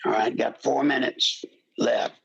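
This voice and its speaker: An older man with a deeply gravelly, creaky voice delivers a fervent talk radio monologue. His tone is husky and rough, and he often climbs into pleading shouts. He sounds like a seasoned show host talking straight to his listeners. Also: huge pitch swings, unhurried, lo-fi sound. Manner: impassioned, pleading, rising to shouts.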